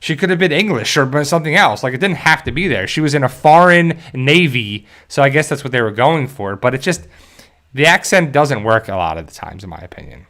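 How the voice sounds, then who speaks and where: A man from South Jersey in the US hosts a casual fan discussion on his channel. His voice sits at a middle pitch, and he rambles through fillers and restarts as he talks straight to his viewers. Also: expressive, brisk, pushed and bright. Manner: addresses viewers directly. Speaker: YouTube show host.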